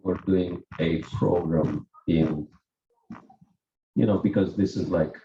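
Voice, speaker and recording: Russian-accented man, slow mellow delivery, preaching in an echoey home, dull lo-fi recording. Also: low voice, fairly even intonation. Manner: slow, deliberate anecdote with light chuckles. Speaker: visiting monk giving a scripture class. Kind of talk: storytelling sermon. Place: home gathering indoors. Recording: roomy, dull lo-fi room recording.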